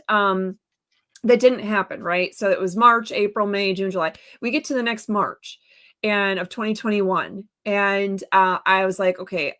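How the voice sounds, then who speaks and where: A woman telling a story in a casual interview, animated and exasperated, acting out what people said to her. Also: mid-range voice. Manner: animated, exasperated retelling with quoted dialogue. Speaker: guest, stand-by counsel. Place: live stream, remote.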